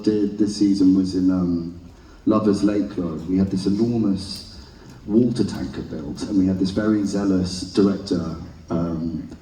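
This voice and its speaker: A young man as a panel guest, telling a story in halting bursts and repeating words. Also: on the low side, warm tone, slight background noise. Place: large convention hall. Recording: echoey convention hall from far off.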